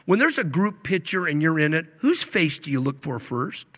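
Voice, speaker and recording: Bright-voiced preaching man in a hall. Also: a little high, very animated, breathy edge. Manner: dynamic preaching, stretching key words slowly, shifting between loud and hushed. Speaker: pastor. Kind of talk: sermon. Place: church sanctuary. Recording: long reverb of a large hall.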